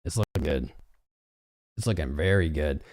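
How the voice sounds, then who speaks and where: A man hosting a live trading stream hypes up his chat and rapidly reads out viewer names one after another. He's animated, swinging between loud and low.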